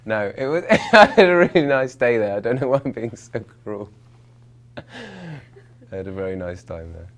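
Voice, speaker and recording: A man's voice: medium pitch, animated, normal speed, long pauses. A young man from London, an actor answering interview questions in a rambling, self-mocking way, full of fillers and restarts. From England, London.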